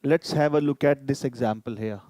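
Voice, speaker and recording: A man's voice: mid-range voice, moderate pace, mellow, no room sound. A man teaching a live online grammar lesson, explaining patiently and repeating each example. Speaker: language teacher.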